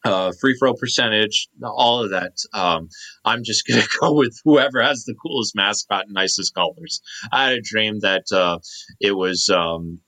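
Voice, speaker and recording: Podcast co-host, man in his 30s, lowish bright voice, meandering casual chatter. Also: moderate pace, rough recording. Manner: rambling, many fillers and restarts. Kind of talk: casual chat.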